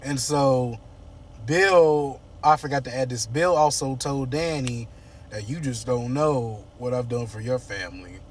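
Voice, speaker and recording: A man's voice: medium pitch, unhurried. A man chats through a soap opera recap, slipping into the characters' voices and joking at his own asides. His voice sits in an ordinary middle register. He is a little far from the mic, with faint noise in the background. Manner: animated, playful, acts out characters' lines. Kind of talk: casual recap chat.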